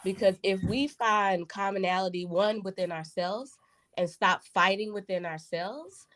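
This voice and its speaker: Animated woman co-hosting a podcast. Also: measured pace. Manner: animated, emphatic, swings high when stressing points. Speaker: podcast co-host. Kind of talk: casual podcast conversation.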